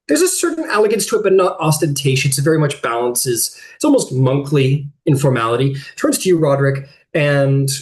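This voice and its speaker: A man's voice: fairly high pitch, sing-song, a little fast, few pauses. A man narrating a tabletop game as game master, rambling and correcting himself as he describes scenes.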